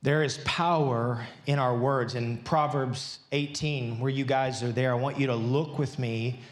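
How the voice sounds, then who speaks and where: A man's voice: medium pitch, fairly even intonation, measured pace. A man preaching a sermon in a large church, chatting and joking with the congregation before reading from scripture. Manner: conversational and playful, joking with the congregation. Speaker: pastor. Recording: echoey church hall.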